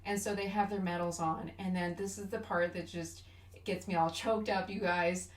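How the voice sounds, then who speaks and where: A woman co-hosting a podcast in casual chat, animated and emotional as she retells favorite scenes. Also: on the low side, normal speed. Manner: animated and emotional, gushing about film moments. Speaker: podcast co-host. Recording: roomy room, mic at a distance.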